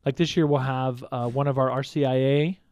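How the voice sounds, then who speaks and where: A man's voice: medium pitch, steady tone, brisk, a little mellow. A male priest with a mid-range voice explains church rituals in an eager, conversational way. The sound is dry and close, with no echo. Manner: enthusiastic explainer. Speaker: pastor.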